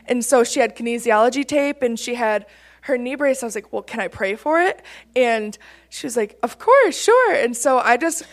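A young woman from Michigan telling a personal testimony story, laughing often and getting excited as she talks. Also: a little high, moderate pace. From Michigan, USA. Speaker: campus ministry team member.

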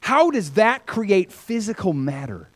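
Animated male preacher, lively pitch. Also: unhurried. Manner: animated, conversational preaching that swings between loud and hushed. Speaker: pastor. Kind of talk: sermon.

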